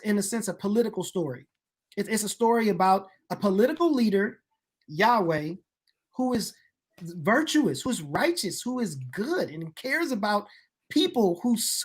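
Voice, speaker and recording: A woman in casual conversation, explaining the Bible in an animated way and building her points to emphatic peaks. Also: medium pitch, husky. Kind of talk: casual discussion of Bible history.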